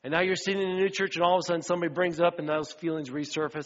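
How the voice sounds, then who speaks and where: A middle-aged man preaches a sermon, slipping into lively acted-out voices as he tells his stories. His voice sits a bit high for a man. The sound is somewhat dull and rings with the long reverb of a church hall. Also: racing. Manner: animated storytelling, acts out quoted voices. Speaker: pastor. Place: church sanctuary.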